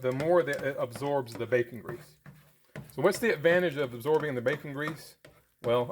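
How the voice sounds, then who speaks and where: A man's voice: a little high, a little hiss or hum. A man hosting a casual how-to cooking vlog in his home kitchen, talking in a folksy, chatty way and sometimes eating as he speaks. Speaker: diet vlogger.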